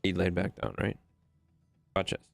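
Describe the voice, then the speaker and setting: A man's voice: deep voice, monotone, moderate pace, vocal fry, no room sound. A man streaming a game late at night, chatting loosely with viewers and his dog and swearing freely. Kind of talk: casual livestream gameplay commentary.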